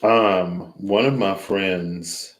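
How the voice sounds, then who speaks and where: Very deep, slow male tarot reader, drowsy and rambling, in an echoey room. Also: fairly even intonation. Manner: rambling, thinks aloud and loses track mid-sentence. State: sleepy, yawning. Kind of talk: casual tarot reading, reading guidebook aloud.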